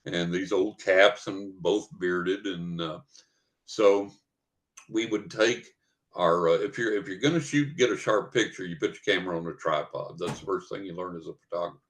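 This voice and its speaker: An older man with a fairly low voice rambles through a story. He chuckles as he goes in a casual podcast interview. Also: moderate pace. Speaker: guest psychic and author.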